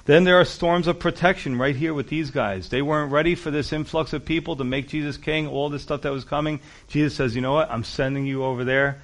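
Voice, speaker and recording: A man preaching a sermon, pastor-style, acting out scripture quotes with rising and falling loudness. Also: on the high side, a little fast, few pauses. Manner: animated preaching, acts out Bible quotes with shifting loudness.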